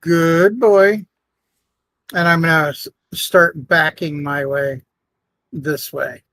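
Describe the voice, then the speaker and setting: Man, tabletop player, playful and teasing, slightly high voice. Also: steady tone, slow, sharp tone. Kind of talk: tabletop game chat.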